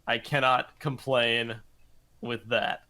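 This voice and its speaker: A man's voice: mid-range voice, level tone, takes it slowly, sharp tone. A man co-hosting a podcast, talking earnestly and reflectively in casual chat. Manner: earnest, reflective fan talk. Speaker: podcast co-host.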